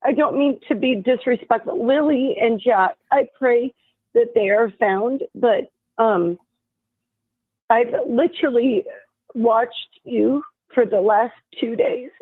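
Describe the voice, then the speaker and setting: A woman in her fifties from Tennessee, calling in from a hospital room, her speech slightly slurred after a mild stroke, halting as she searches for words. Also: a little high, slightly rough, no echo. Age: 50s. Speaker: caller. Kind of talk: call-in chat on a live stream. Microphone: phone line. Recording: tinny dry phone line.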